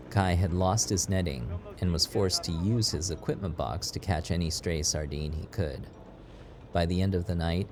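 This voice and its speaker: A man reading a scripted story as narrator, in a steady, measured way. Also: sits low. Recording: audible background noise.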